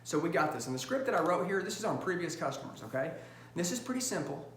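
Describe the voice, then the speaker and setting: A man coaching salespeople in an emphatic, punchy style, acting out phone calls in quick bursts and checking in with his audience. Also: fairly high pitch, sing-song, fairly bright tone. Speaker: sales trainer. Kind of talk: high-energy sales training talk. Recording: roomy echo with faint hum.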